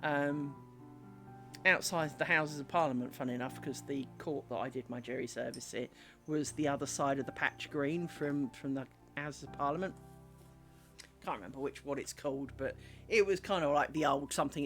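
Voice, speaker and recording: A woman's voice: rumbling low, moderate pace, fairly bright tone. A woman chatting casually on a live craft stream, rambling through stories and muttering at herself as she works. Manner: mutters and scolds herself while working. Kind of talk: casual live-stream chat while working. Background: music playing.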